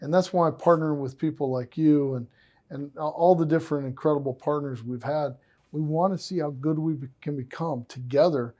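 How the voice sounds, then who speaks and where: An enthusiastic man hosting a podcast, telling animated stories. His voice sits a bit high, with a mellow, dark tone. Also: moderate pace. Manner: enthusiastic, effusive, animated storyteller. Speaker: podcast host. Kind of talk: casual podcast conversation.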